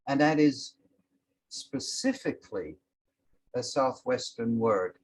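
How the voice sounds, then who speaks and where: A man teaching a language lesson, explaining words slowly and calling out each one with emphasis. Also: medium pitch, slightly rough, poor audio. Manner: slow and explanatory, sounding out each word with emphasis.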